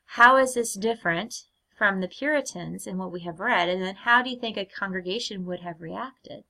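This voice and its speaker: A woman teacher giving a recorded lecture in a clear, measured way, often putting questions to her students. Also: medium pitch, sharp tone.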